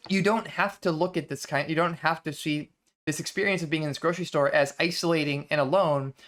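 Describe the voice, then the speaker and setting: Here an adult vtuber, host of a book reading series, muses through ideas in a casual lecture stream, thoughtful and chatty, with frequent restarts. The medium-pitched voice is steady and a bit bright, moving a little fast.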